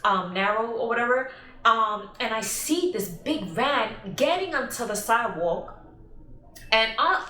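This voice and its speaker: A woman's voice: a little high, expressive, measured pace, bright, forceful tone. A young woman vlogger telling an emotional story in a casual, rambling way, with many fillers. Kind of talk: casual storytelling while eating. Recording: echoey room.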